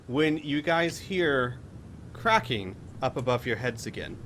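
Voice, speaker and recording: Bright-toned male game master, hesitant, full of fillers. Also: medium pitch, animated, a little hiss or hum. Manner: halting, with many fillers. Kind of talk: narrating a tabletop game.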